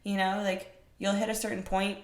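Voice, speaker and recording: A young woman, a personal trainer, holds forth on her podcast in a blunt, profane monologue. She peppers listeners with rhetorical questions and punches her points louder. Her voice sits in a middle range and rings in a roomy, echoing space. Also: mid-range voice, normal speed. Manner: rhetorical questions, animated swings in loudness. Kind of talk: casual monologue. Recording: roomy echo.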